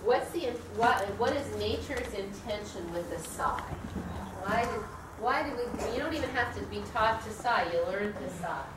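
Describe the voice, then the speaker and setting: Speaking at a normal pace in a medium-pitched, animated voice, a woman guides a yoga training group through breathing in a studio room. Her manner is conversational, with questions put to the class. The audio is noisy and echoey, picked up from a distant mic.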